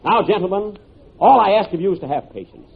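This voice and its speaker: A man's voice: high-pitched, lively intonation, fast talker, vocal fry, crowd noise. A man hosting a radio comedy, playing a pompous, exasperated professor in 1930s radio acting style. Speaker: comedy show host playing Professor Bell. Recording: tinny noisy old radio broadcast.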